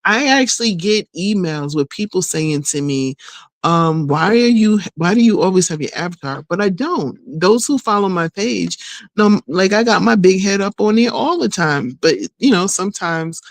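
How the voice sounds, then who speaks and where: A middle-aged woman vlogs straight to her viewers, relaxed, rambling, folksy, and quick to laugh. Her fairly low voice is a bit hoarse, as if she's losing it, and the recording is close and dry with no room sound.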